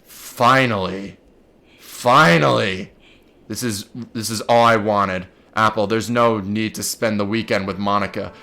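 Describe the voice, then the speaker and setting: A man's voice: fairly low pitch, a little slow, gravelly, pushed and bright, pitched below the performer's own voice, full character voice. A man reading aloud the lines of an obsessive, lovestruck young woman from a video game, in a mostly plain voice.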